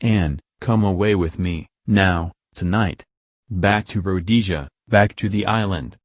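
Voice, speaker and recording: A man reading the part of an impassioned young man who pleads slowly and urgently. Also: deep voice, no echo, studio quality.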